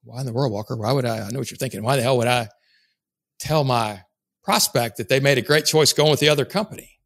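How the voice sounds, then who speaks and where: A man with an everyday mid-range voice talks straight at his audience like a no-nonsense sales coach. He is blunt and emphatic, drops swear words without a pause, and keeps pushing the point. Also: medium pitch, fairly bright tone. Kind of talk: motivational coaching talk.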